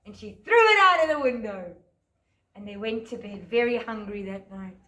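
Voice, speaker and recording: A woman, a teacher telling a fairy tale to young children and guiding a craft, in a gentle sing-song voice that stretches words out. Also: medium pitch, expressive, normal speed, echoey room. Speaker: preschool teacher. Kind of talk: storytelling and craft lesson for children.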